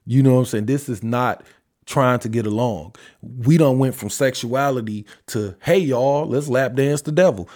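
A man hosting his own podcast and speaking his mind in a casual, heated rant. He is emphatic and profane, and his voice leaps upward on the points he presses before dropping into low, weary mutters. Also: a little mellow. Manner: heated, profane, emphatic, pitch jumping sharply when stressing points; trails off into sighs and low mutters. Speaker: podcast host.

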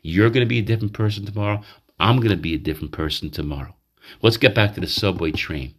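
A man's voice: on the low side, fast talker, fairly bright tone, slightly rough. A man hosting a podcast, talking in a rambling, confessional monologue full of restarts, in a manic state. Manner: rambling, confessional, self-interrupting. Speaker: podcast host.

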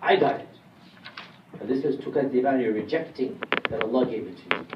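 An Islamic lecturer speaks fast in a medium-pitched voice during a classroom lecture on Quran commentary, explaining things step by step and posing questions to the room. The audio is dull with a noisy background, recorded from a distance in a roomy space with faint ambience.

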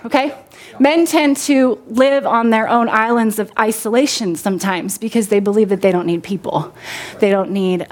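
A woman preaching a sermon in a lively way, often asking her congregation questions and laughing. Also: on the high side.

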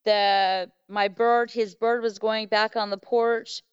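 A woman guest on a podcast telling a personal story in a casual, animated way, acting out what people said. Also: a little high, slow pace, clear, resonant tone, no room sound. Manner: animated, acts out quoted voices. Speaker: podcast guest, Bigfoot researcher. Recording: dull lo-fi, dry.

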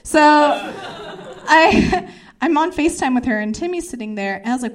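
Young woman doing stand-up, lively, acts out every voice, kinda high pitched. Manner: fast, animated, acts out every voice in her story. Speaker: stand-up comedian. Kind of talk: stand-up storytelling.

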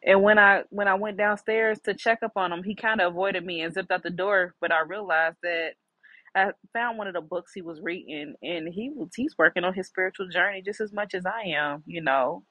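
A woman's voice: lowish voice, brisk, pushed and bright, no room sound, low-quality recording. A middle-aged woman hosting a podcast, candidly and reflectively telling a personal story with many fillers. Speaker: podcast host.

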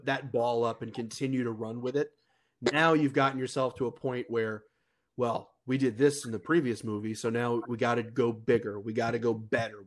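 A young man co-hosting a casual podcast, rambling with restarts and laughing often. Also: medium pitch. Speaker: podcast co-host. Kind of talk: casual chat.

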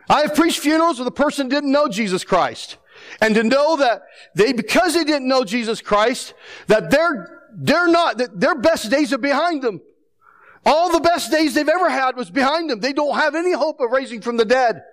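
A male pastor preaching a sermon in a conversational, animated way, asking rhetorical questions and acting out the people he quotes. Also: very high voice. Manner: animated, acts out the quoted speakers.

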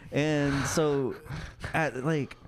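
A man's voice: fairly high pitch, steady tone, drawn-out words, a little hiss or hum. A man telling a rambling, laid-back story as co-host of a radio chat show.

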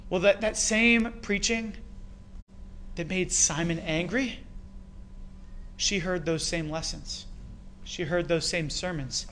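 High-voiced Canadian man preaching a sermon. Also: slow, pauses often, a little hiss or hum. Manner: storytelling, animated, with rhetorical questions. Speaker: pastor.

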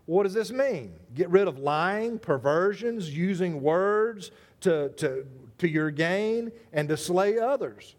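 A male pastor preaching a sermon in a lively, conversational way, calling out members of the congregation by name. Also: sits high, takes it slowly, hardly any pauses.

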